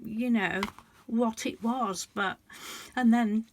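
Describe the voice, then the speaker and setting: Drawing out her words in a voice on the high side, a colouring book vlogger in her sixties has an emotional, rambling chat with viewers. She keeps cutting herself off and beginning sentences again. The recording has no echo.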